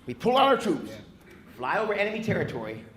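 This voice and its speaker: A man's voice: sits high, big pitch swings, fast. A man doing a stand-up comedy set with crowd work, brash and punchy, on a club stage with a handheld mic. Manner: brash, loud, punchy, chatting with the audience. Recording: live club recording with crowd laughter and noise. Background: audience laughter and room noise.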